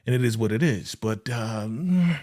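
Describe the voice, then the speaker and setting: A man's voice: mid-range voice, moderate pace. A man hosting a live review show in casual, slang-filled chat, often laughing and speaking straight to his viewers. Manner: animated, laughing, slangy, acts out quotes. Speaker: host of a live TV episode review.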